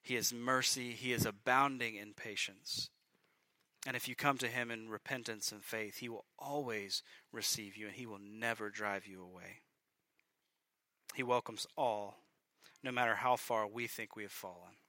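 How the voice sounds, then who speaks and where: A male pastor preaching a sermon, emphatic, building to loud peaks and dropping to quiet lines. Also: lowish voice, fairly even intonation, normal speed, no echo.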